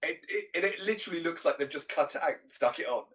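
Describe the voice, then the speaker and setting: A man's voice: fairly high pitch, lively intonation, quick pace, a bit bright, rough recording. A man co-hosting a film review podcast, chuckling often and searching for words in casual chat. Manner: laughs often, hesitant restarts. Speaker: podcast co-host.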